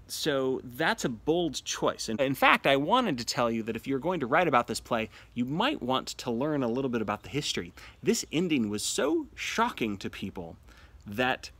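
A man teaching a literature lesson in an animated manner, acting out quotes from the play. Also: medium pitch, normal speed, husky, dry recording.

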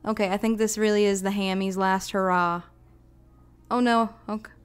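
A woman casually streaming a video game. She chats excitedly, coos at the pets on screen, and breaks into squeals and laughter. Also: medium pitch, normal speed, smooth.

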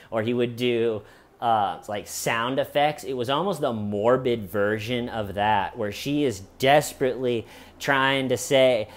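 A man breaking down an interrogation in a loose, chatty way. He is animated and wry, with dry dark humor, and often slips into quoting the people he talks about. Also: medium pitch. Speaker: true crime commentator. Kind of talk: casual video commentary.

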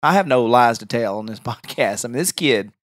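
A man's voice: mid-range voice, lively intonation, brisk, no echo, studio quality. A man, hosting a podcast and telling rambling stories with frequent restarts. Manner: rambling storytelling with many restarts. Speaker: podcast host. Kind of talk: casual chat.

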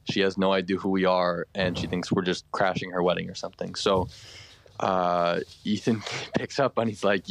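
A man's voice: low voice, level tone, moderate pace, gravelly, slight background noise. A young man telling a long story in a voice message, rambling with many fillers and laughing through it. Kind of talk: casual storytelling.

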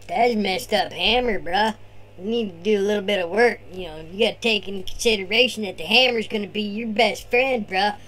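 A man's voice: high voice, brisk, bright, forceful tone, soft background music. A man voicing his laid-back surfer-dude cousin, who drawls slacker talk and tags bruh and man onto every line.

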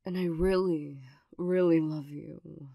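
Woman voicing a flustered young girlfriend who talks tough but loves deeply, hesitant and a little low, for a slow whispered role-play. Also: steady tone, vocal fry, warm tone, dry recording, clean studio sound, exaggerated voice. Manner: hesitant and stammering, with nervous little laughs. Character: awkward tsundere young girlfriend, gruff but loving. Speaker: ASMR role-play performer.

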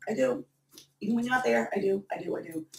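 Halting, earnest middle-aged woman. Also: fairly high pitch, very animated, creaky, slight background noise. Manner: halting, repeats herself, candid and earnest. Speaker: interviewee, mother of the host. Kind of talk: candid emotional interview. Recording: echoey room, mic far off.

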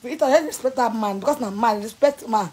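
A woman with a Nigerian accent, ranting angrily and scolding someone in bursts of shouting and threats. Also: a little high, brisk, slightly rough, poor audio. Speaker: vlogger. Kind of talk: angry rant to camera.

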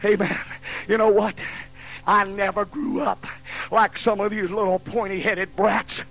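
A man in his fifties preaching a sermon in a folksy storytelling way that builds to shouting, on a dull lo-fi recording. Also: high-pitched, little pitch movement, measured pace, gravelly. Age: 50s. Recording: dull lo-fi recording with faint hiss.

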